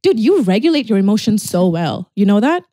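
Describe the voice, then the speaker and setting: A woman in her twenties hosting a podcast, chatting casually with a friend, swearing and making quick asides. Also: medium pitch, sing-song, warm tone, no room sound, studio quality. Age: 20s. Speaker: podcast host. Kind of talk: casual chat.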